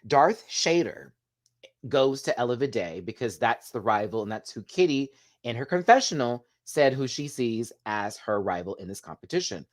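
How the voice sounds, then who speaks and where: A man's voice: mid-range voice, sing-song, moderate pace. A man hosting a casual show recap, chatty and gossipy, laughing often as he talks. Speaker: host.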